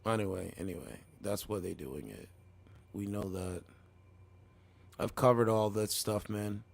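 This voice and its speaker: A man's voice: on the low side, measured pace, creaky. A man giving loose, rambling casual commentary on clips as a streamer, often saying "man" and "bro".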